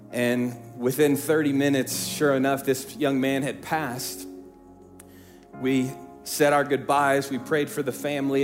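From a church stage, a middle-aged male pastor with a medium-pitched voice preaches a sermon. He tells a story in hushed tones before building into emphatic preaching.

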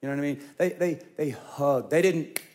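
A male pastor in his forties preaching a sermon, telling a personal story in a lively way that swings from loud to hushed. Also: fairly high pitch, moderate pace, slight background noise.

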